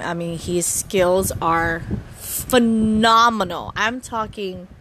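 Animated, sing-song woman vlogging by phone. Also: lowish voice. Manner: animated, lots of vocal inflection. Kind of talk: casual chat. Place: her room. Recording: phone recording with background noise.

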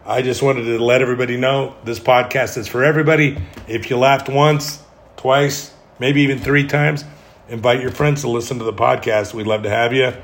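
A man's voice: mid-range voice, flat delivery, normal speed. A middle-aged man hosting a solo podcast, talking candidly in a rambling way with self-deprecating humor. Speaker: podcast host.

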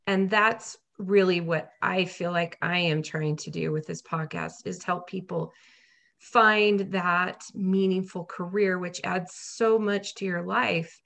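Low-voiced woman podcast host. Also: fairly even intonation, slow, gravelly, a bit bright. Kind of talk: casual interview questions.

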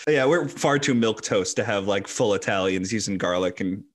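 A man's voice: on the low side, moderate pace. A man co-hosting a comedy podcast, chatting casually with frequent laughs and many fillers. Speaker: podcast co-host.

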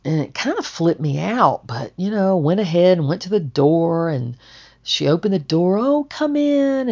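A woman with a low voice tells a personal memoir story. She rambles and stays conversational, strung together with "and so" and "you know". The recording is a little dull and lo-fi. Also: a little mellow.

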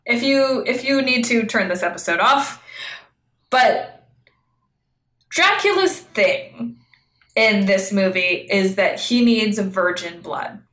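A woman's voice: medium pitch, animated, takes it slowly, long pauses, fairly bright tone, roomy sound, rough recording. A woman co-hosting a podcast in casual chat, blunt and sarcastic. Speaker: podcast co-host.

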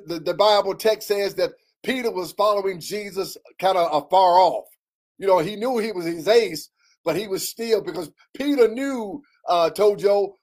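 His voice sits high and a little mellow as this guest pastor preaches on a podcast through stories. He builds up in intensity, then drops back down.

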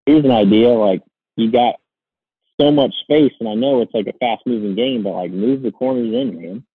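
A man's voice: mid-range voice, moderate pace, husky, no echo, phone-quality sound. A man hosting a casual sports podcast, rambling with lots of "like" and restarts. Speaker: podcast host.

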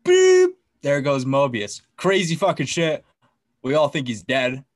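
A man co-hosting a podcast, excitedly recapping a TV episode in casual chat, swearing often and acting out the scenes. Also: medium pitch, a little slow, dry recording, studio quality. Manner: excitable, profane, acts out scenes. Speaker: podcast co-host.

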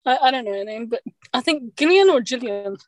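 A woman's voice: fairly high pitch, fast, darkish tone, no room sound, rough recording. A woman chatting casually on a podcast, rambling with lots of fillers and restarts. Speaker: podcast co-host. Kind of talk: casual chat.

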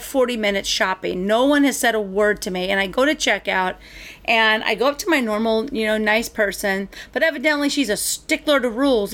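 High-voiced woman telling a ranting story. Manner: animated storyteller, ranting and acting out exchanges. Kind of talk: casual chat.

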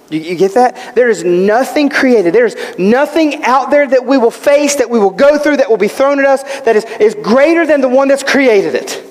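A man's voice: very high voice, a little mellow. A male pastor preaching a sermon, emphatic, posing questions and answering them himself. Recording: long hall reverb.

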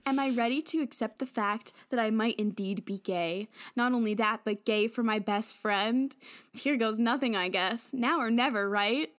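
A woman reads fan fiction narration aloud to her friends in a fairly high voice. She giggles and breaks off now and then to comment on the writing. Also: moderate pace, fairly bright tone.

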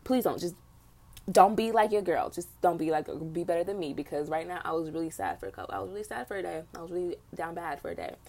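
A woman's voice: fairly low pitch, expressive, fast talker, darkish tone. Blunt, profane young woman venting. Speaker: podcast host. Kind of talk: casual solo podcast chat.

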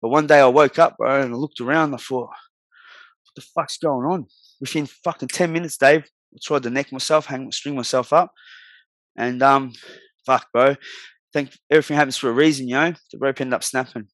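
A man's voice: medium pitch, fairly even intonation, a little fast, a bit bright, no echo. An Australian man in his forties, a guest telling his life story bluntly in slangy, swear-heavy talk. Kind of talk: candid storytelling in a podcast interview.

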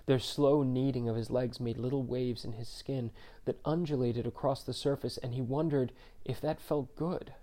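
A man narrating a story in a measured, subdued reading. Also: medium pitch, dark tone.

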